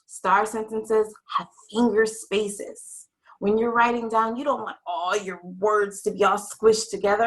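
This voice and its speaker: A young adult woman teaching a writing lesson to young children in a slow, expressive, sing-song teacher voice. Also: mid-range voice, rough recording.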